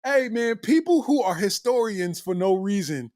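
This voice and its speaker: Laughing man ranting with lively pitch. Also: moderate pace, hardly any pauses, dry recording, clean studio sound. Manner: loud laughing, slangy, freestyles a rap at the end. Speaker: podcast host. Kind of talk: comedic rant.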